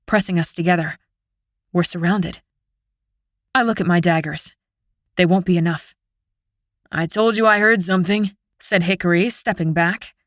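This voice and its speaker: Woman narrating an audiobook, expressive. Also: fairly low pitch, no room sound, studio quality. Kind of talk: first-person audiobook narration.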